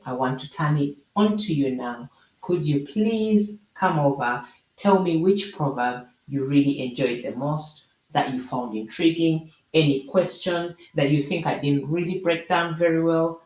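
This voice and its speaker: A woman host explaining proverbs to viewers in an animated, preachy way with jokey asides. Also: sits low, unhurried. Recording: roomy echo.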